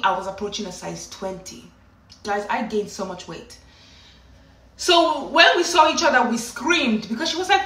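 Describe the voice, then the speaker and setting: A woman vlogger telling her own story in a casual, animated, dramatic way, often breaking into laughs. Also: on the high side. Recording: roomy echo, mic at a distance.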